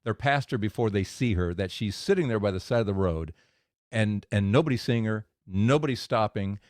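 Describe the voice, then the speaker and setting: A man hosting a faith podcast, retelling stories and explaining scripture in a relaxed, explanatory way. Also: lowish voice, moderate pace, no echo, clean studio sound. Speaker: podcast host. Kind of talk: faith podcast storytelling and commentary.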